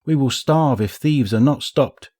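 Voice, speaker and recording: A desperate, frightened villager begs in broken English, his thick accent colouring every halting phrase as a man voices him. The voice is raised and anxious above the reader's usual low tone. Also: dark tone, lightly acted. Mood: pleading. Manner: pleading, halting.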